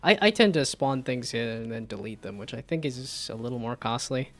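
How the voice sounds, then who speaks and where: A man's voice: medium pitch, animated, brisk, fairly bright tone. A man chatting casually on a live stream about his game development projects, rambling and self-deprecating.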